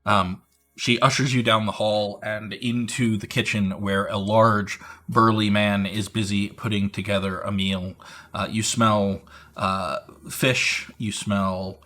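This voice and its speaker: Man, dungeon master, lowish voice, bright tone, faint music. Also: takes it slowly. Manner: relaxed, filler-heavy narration. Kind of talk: narrating a tabletop game.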